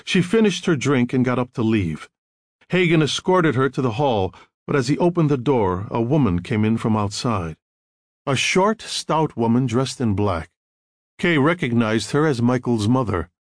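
Male audiobook narrator, expressive, lively pitch, dry booth sound. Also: moderate pace, no room sound. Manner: expressive storytelling.

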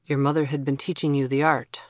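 A storybook narrator voicing a grown man, a calm council official who speaks in a measured, composed way. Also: medium pitch, no room sound, studio quality, lightly acted.

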